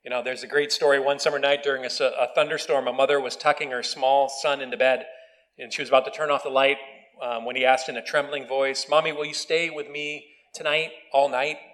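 A man preaching a relaxed, conversational sermon on video. He talks at a middle pitch, mixes in wry asides, and often restarts his sentences. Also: fast talker, low-quality recording. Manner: conversational, self-deprecating, with restarts. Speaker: pastor. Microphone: video recording.

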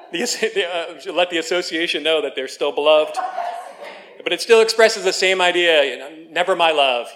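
Fairly high-voiced man preaching a sermon. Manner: reads scripture slowly, then chats with the congregation in a lively, joking way. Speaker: pastor.

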